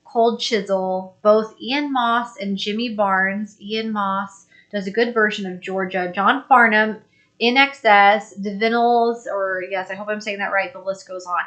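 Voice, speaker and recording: A woman hosting a live stream, chatting casually and reading viewer comments aloud in an upbeat, think-out-loud way. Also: medium pitch, steady tone, a little slow. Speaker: host.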